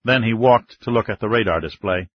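A man narrating a thriller audiobook in a measured, steady storytelling manner. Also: lowish voice. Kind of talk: scripted narration. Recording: slightly dull lo-fi recording.

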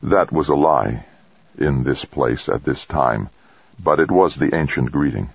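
A man reads a story aloud in a measured, solemn way. His voice is very deep, husky and gravelly, and it moves freely up and down. The recording is dry and sounds a little dull and lo-fi. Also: dry recording. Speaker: audiobook narrator. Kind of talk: scripted narration.

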